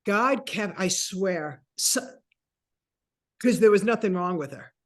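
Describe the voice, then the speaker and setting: A woman in her sixties, a guest telling a personal story with animated, acted-out dialogue. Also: medium pitch, slow. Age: 60s. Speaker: interview guest.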